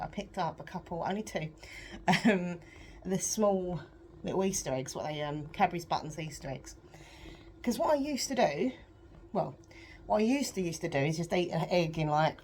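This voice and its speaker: A young adult British woman chatting in a rambling, self-deprecating way on a home vlog, her voice a bit croaky, laughing often. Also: fairly low pitch, a little mellow, a little hiss or hum. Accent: British English. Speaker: vlogger. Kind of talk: casual confessional vlog chat.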